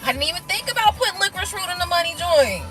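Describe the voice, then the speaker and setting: A woman hosting a casual tarot live stream, reading viewer comments and talking bluntly with lots of swearing and quick laughs. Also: extremely high pitch, over music, poor audio. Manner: blunt, profane, animated, laughs things off.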